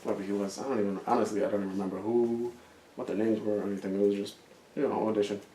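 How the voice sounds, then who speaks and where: A man's voice: fairly low pitch, steady tone, very fast, dark tone, a little hiss or hum. A man, co-hosting a podcast, who tells a rambling story full of fillers and swearing. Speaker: podcast co-host. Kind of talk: casual chat. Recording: roomy, distant mic.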